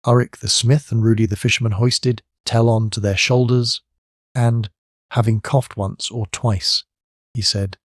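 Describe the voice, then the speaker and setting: A man narrating a classic storybook in a steady, measured reading on a close studio mic. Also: mid-range voice, no room sound. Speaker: audiobook narrator.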